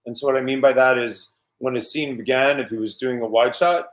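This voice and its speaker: Fifties guy from new york, telling lively anecdotes in an interview, mid pitch. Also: fairly quick. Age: 50s. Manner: animated anecdotes with laughs and quoted voices. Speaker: actor guest. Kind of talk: casual interview storytelling.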